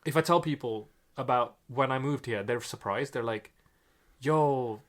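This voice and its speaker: A man's voice: mid-range voice, normal speed, a bit bright. A young man from India with an Indian accent mixed with British and American tones, earnestly reflecting as a podcast co-host. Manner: earnest, with frequent restarts.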